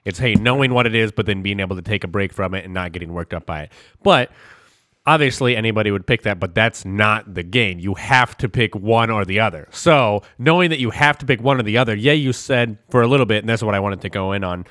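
A man's voice: lowish voice, fast, a bit bright, no echo, clean studio sound. A young man co-hosting a podcast, teasing and arguing his point in casual banter. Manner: teasing, argumentative. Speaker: podcast co-host.

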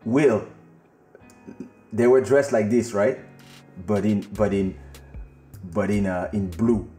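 A man's voice: on the low side, steady tone, slow, dark tone, echoey room, soft background music. A man hosting a podcast who tells a story casually, laughing often, swearing freely and turning to address a friend. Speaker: podcast host. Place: home studio during a live stream.

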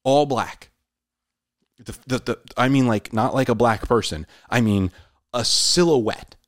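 A man telling a personal story in a casual, animated way, often saying "dude". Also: medium pitch, measured pace, no room sound, clean studio sound. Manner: animated, says "dude" a lot.

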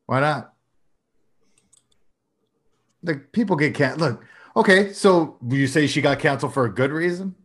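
A man's voice: on the high side, moderate pace, a bit bright. A young man co-hosting a casual podcast chat, probing and pushing back with questions. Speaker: podcast co-host.

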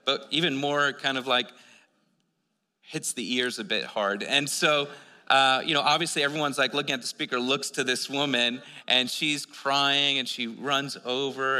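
A man's voice: mid-range voice, bright, forceful tone. A man preaching a sermon, telling stories in a conversational way with many restarts. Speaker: pastor. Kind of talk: sermon with storytelling. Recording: long hall reverb.

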